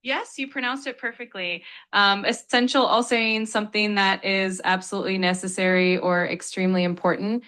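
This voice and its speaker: Bright, upbeat synthetic woman tutor. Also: mid-range voice, little pitch movement, fairly quick, hardly any pauses. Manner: polite, upbeat, explanatory. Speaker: AI English tutor. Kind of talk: patient vocabulary explanation.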